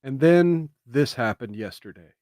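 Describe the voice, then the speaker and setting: A man hosting casual political commentary, talking emphatically and getting emotional, swinging from loud bursts to hushed asides. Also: medium pitch, expressive, measured pace, dry recording.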